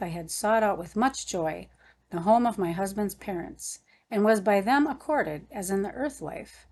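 A woman reading a devotional novel aloud as an audiobook narrator, in a gentle, devout manner. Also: mid-range voice. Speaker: audiobook reader. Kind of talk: scripted narration.

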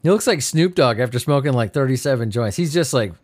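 A man's voice: medium pitch, expressive, brisk, darkish tone. A man hosting a podcast, reading odd news stories in a giddy, sleepy, laughing way and swearing freely. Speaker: podcast host. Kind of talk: casual comedic news commentary.

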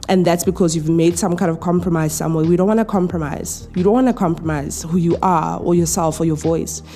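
A woman talks on her own podcast from home with a tired voice. Her tone is low and mellow, relaxed and chatty, full of fillers and restarts. Faint music plays underneath. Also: a little fast. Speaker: podcast host. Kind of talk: casual solo chat. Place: home, in pajamas.

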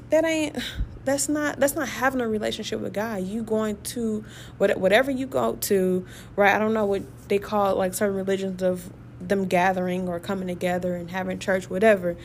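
A woman giving a casual, excitable Bible study talk, emphatic and conversational, who piles up rhetorical questions. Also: mid-range voice, moderate pace, slight background noise. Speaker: Bible teacher.

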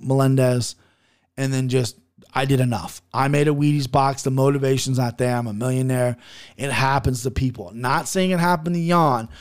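A man's voice: fairly high pitch, darkish tone, smooth. A man hosting his own podcast, talking through his betting picks in a brash, profane, hyped-up way. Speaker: podcast host giving fight betting picks. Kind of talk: casual solo podcast talk.

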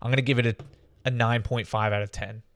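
Male podcast host, mid-pitched, excited and talkative, close and dry. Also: fast, no room sound. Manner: enthusiastic, chatty, says "man" often. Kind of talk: casual album review.

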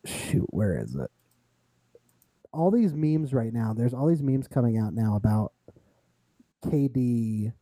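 A man's voice: medium pitch, big pitch swings, slow pace, pauses often, mellow, dry recording, poor audio. A young man co-hosting a casual sports podcast, laid-back, laughing easily and giving short replies. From Colorado. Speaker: podcast co-host.

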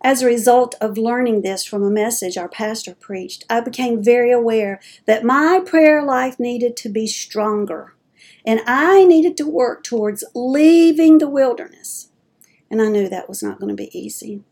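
A middle-aged woman talks through a personal, faith-based reflection in an earnest, homespun way. Her voice sits a little high and carries a gravelly fry. She tells her story as a dementia advocate would, with plain folksy turns of phrase. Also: moderate pace, darkish tone.

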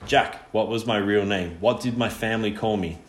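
A man's voice: fairly low pitch, moderate pace, close to an everyday voice. Man voicing a brave boy, urgent, earnest, defiant, roomy echo. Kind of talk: audiobook reading.

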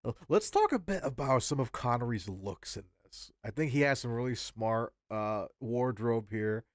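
A man's voice: medium pitch, lively intonation, normal speed, no echo, studio quality. A man co-hosting a podcast in casual chat, rambling and searching for his words. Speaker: podcast co-host.

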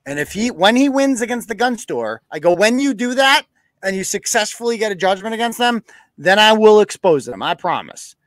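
A man's voice: high-pitched, big pitch swings, moderate pace, a bit bright, dry recording. A man from New hosting a live show, cursing bluntly and acting out quoted exchanges in a casual rant. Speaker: podcast host.

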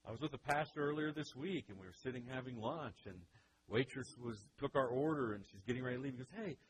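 A man preaching a sermon as pastor, earnest and conversational, slowing down for emphasis. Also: medium pitch, slight background noise, poor audio.

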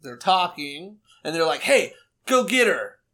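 Man, podcast co-host, high voice, quick interjections, casual banter. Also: big pitch swings, pushed and bright. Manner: chiming in, finishing the other's sentences. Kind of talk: casual movie recap chat.

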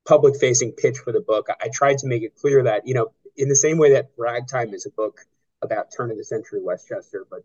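A man in his thirties talks about his novel in a halting, searching way, full of restarts and fillers. His pitch sits in the middle range for a man. The recording sounds a little dull and muffled. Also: darkish tone. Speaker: novelist being interviewed. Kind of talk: conversational interview.

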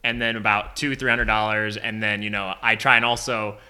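A man's voice: fairly low pitch, flat delivery, brisk, pushed and bright, clean tone. A man hosting a comedic podcast, talking casually and laughing often. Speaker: podcast host.

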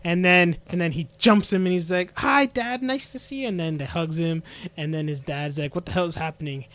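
A man co-hosting a casual anime podcast, telling the plot in a loose run-on way with plenty of "and then he's like". His voice sits a little higher than most men's, and he slips into short quoted lines for the characters as he goes. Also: steady tone, fairly bright tone. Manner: rambling retelling with quick voiced quotes. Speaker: podcast co-host. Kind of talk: casual anime recap chat.

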